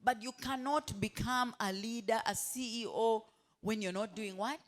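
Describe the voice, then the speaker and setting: A woman's voice: on the high side, moderate pace. A woman giving a motivational talk to hotel staff. She keeps asking the room questions and has them finish her sentences. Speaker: motivational speaker.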